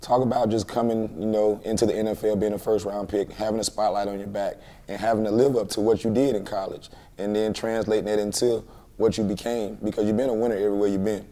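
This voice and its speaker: A male host asks a long interview question at a fast clip. His voice is low and dark, with very little rise and fall. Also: flat delivery.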